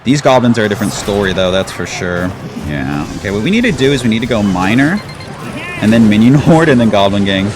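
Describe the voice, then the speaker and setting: Over game music, a man commentates on his own playthrough in a relaxed, conversational way, sprinkling in plenty of "like." He's a gaming YouTuber with a fairly low, animated voice that moves a little quickly.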